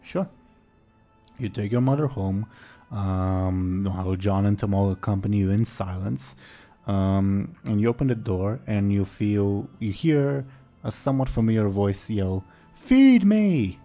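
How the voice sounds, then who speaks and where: An easygoing man running a tabletop game, with a low, mellow voice. He narrates loosely, with frequent ums, and faint music plays behind him. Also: unhurried. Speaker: game master.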